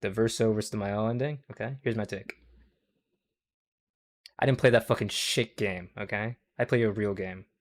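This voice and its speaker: A man's voice: lowish voice, steady tone, moderate pace, pauses often. A young man hosting a livestream, reacting to clips in casual, profane commentary. He rambles, keeps tagging lines with "okay?", and laughs at his own jokes.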